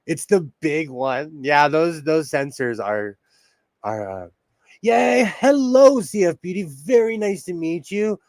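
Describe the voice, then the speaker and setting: A man's voice: a little high, expressive, slow, a little mellow, dry recording, clean studio sound. A man hosting a casual sewing livestream from home, bubbly and laughing often as he greets viewers. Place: at home indoors.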